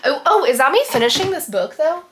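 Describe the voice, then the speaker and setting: A woman's voice: sits high, very animated, fairly quick, a bit bright. A young woman book vlogger talking casually to camera, chatty and gushing, with many restarts. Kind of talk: casual vlog chat.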